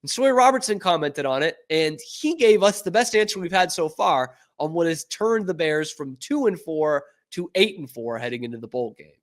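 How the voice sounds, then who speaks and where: Lively, chatty man hosting a sports podcast. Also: fairly high pitch. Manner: animated and chatty, with quick laughs and lots of "like". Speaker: podcast host. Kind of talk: casual sports podcast commentary.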